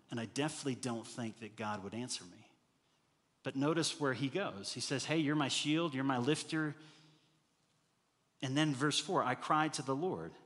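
A man preaching a sermon as pastor, animated and rising to loud, emphatic bursts. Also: medium pitch. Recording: hall reverb.

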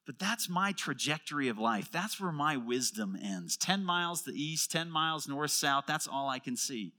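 A middle-aged male pastor delivering a sermon, his voice bright and ringing and slightly high for a man. His pitch swings widely as he acts out prayers aloud, then drops to quiet intensity to drive a point home. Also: normal speed. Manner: animated preaching, acting out prayers, dropping to quiet intensity.

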